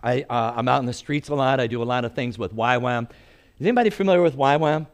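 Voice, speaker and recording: Older male pastor, animated storyteller with a joking sermon delivery. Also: mid-range voice, fast. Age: 60s.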